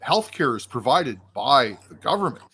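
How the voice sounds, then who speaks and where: A man from Canada in casual chat, joking with halting restarts. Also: medium pitch, big pitch swings, breathy edge. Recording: loud background noise with clicks.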